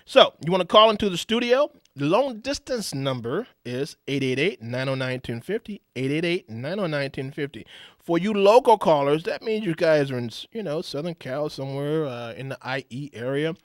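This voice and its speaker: A man hosting a live radio talk show, shifting from a booming announcer voice to a loose, rambling chat full of fillers. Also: animated, normal speed, dry recording, studio quality. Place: radio studio.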